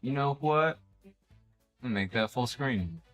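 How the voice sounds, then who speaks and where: A man streaming live, his voice leaping up and down as he reacts in disbelief and swears freely. He talks at an unhurried pace. Faint jazz plays behind him. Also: medium pitch. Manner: animated, swearing, incredulous outbursts. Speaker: livestreaming painter. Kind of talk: casual livestream chat. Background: background jazz music.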